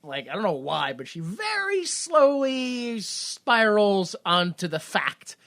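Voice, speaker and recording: Bright-voiced woman rambling through a movie recap. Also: mid-range voice, very animated, slow. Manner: rambling, acts out characters' lines, laughs a lot. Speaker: podcast co-host. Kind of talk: casual movie recap chat.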